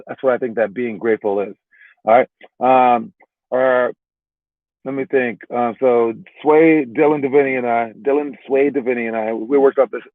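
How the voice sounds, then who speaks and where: A man coaching basketball talks to his young players in a loose, rambling way, full of restarts and "all right?" checks. His voice sits at a middling pitch. The sound is thin and phone-like, with no room echo at all. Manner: rambling, repeats words, keeps adding "all right?". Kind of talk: casual motivational talk to young players. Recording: narrow phone-like sound, dry.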